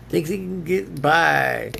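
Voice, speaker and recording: Gravelly man rambling and laughing. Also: fairly high pitch, pushed and bright, a little hiss or hum. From United States. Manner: laughs often, argues with himself in two voices. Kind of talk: rambling self-talk monologue.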